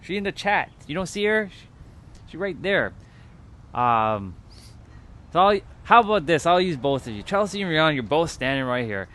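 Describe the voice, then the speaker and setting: A man's voice: on the high side, sing-song, moderate pace, long pauses, fairly bright tone. Rambling, casual livestream host man. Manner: rambling, loose and informal with frequent fillers and asides to chat; swears casually.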